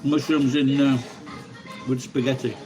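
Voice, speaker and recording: A man's voice: mid-range voice, flat delivery, unhurried, rough recording. A man vlogging, rambling and musing aloud in casual chat while he eats. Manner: rambling, chatty, muses aloud. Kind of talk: casual chat while eating, talking to viewers. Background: music.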